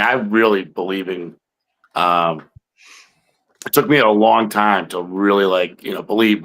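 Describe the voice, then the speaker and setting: Low-voiced rambling male podcast co-host. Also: a bit bright, rough recording. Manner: rambling storytelling with many fillers. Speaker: podcast co-host, Bigfoot investigator. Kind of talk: casual chat.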